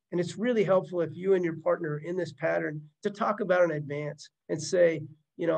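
A middle-aged man gives a counseling webinar in a high voice with a gravelly edge. He talks in an easy, conversational way and keeps checking in with his listeners. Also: fairly even intonation, fairly quick, darkish tone, rough recording. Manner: conversational, uses tag questions and examples. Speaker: marriage counselor. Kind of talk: webinar teaching.

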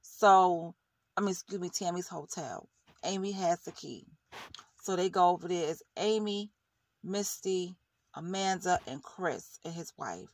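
Woman, gravelly voice, dry close sound, blunt heated ranting, casual reaction vlog. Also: fairly low pitch, measured pace, no room sound. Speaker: YouTube reality-show commentator.

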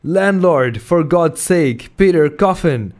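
A man voicing a frightened young male sailor who shouts in a panic. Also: on the high side, expressive, slow pace, voice pushed up. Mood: panicked.

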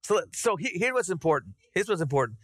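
Middle-aged pastor, chatty lively sermon, highish voice, dry close sound. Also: male voice, quick pace, dry recording. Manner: conversational, animated, addressing the congregation. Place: church sanctuary.

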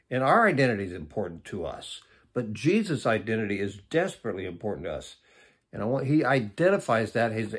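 A man's voice: medium pitch, slightly rough. A man in his seventies from Arizona, teaching a Bible passage in a conversational, plainspoken sermon and stressing the key phrases. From Arizona, USA. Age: 70s. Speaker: preacher.

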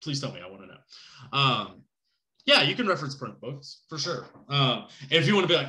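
A man's voice: a little high, lively intonation, moderate pace, bright, forceful tone, roomy sound. A man teaching a college class, speaking casually with many fillers, frequent "right?" checks and joking asides. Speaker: college instructor. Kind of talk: recorded class lecture.

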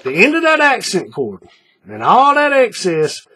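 This paracord instructor has a high, bright, pushed voice with a slightly rough edge and wildly swooping pitch, and he takes his time. In folksy tutorial narration, he teaches a bracelet one step at a time, repeating each move and checking that viewers are with him.

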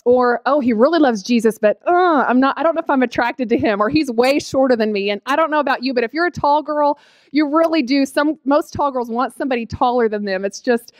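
A woman's voice: high-pitched, brisk, no echo. A woman from in her late thirties, sharing a personal testimony with a chatty, emotional manner full of fillers. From Oklahoma panhandle, USA. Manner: emotional, tearful at times, chatty with many fillers. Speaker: guest speaker.

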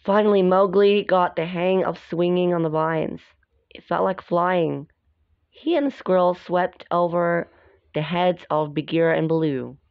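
A woman with a lowish, unhurried voice casually reads a storybook aloud, pausing to chat and comment on the pictures. The recording is dull, dry and lo-fi, with no room sound.

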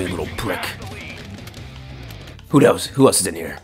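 A man's voice: deep voice, normal speed, pauses often, faint music behind. A young man swearing and trash talking as he comments on his own gameplay. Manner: excitable, swearing trash talk. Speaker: gamer.

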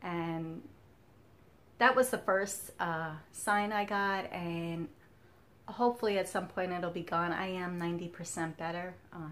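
A woman in her fifties talking candidly to camera as a cross stitch vlogger, telling a personal story and laughing often. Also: mid-range voice. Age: 50s.

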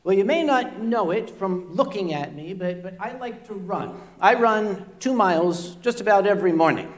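A man's voice: sits high, expressive, moderate pace. An older man telling a self-deprecating comic story on stage, stammering and repeating words as he goes. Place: convention stage before a live audience.

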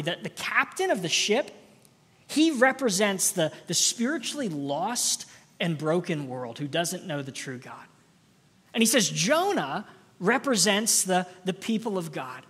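A woman's voice: lowish voice, very animated, measured pace, fairly bright tone, slightly rough. A woman pastor preaching a sermon in a church, earnest, often repeating words as she builds a point. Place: church sanctuary. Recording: long reverb of a church hall.

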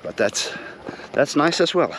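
A man with a hoarse voice chatting casually on a hike, talking in a relaxed way with restarts. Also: fairly high pitch, a little slow, a little hiss or hum. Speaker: travel vlogger. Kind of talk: casual chat while hiking. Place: outdoors on a hilltop.

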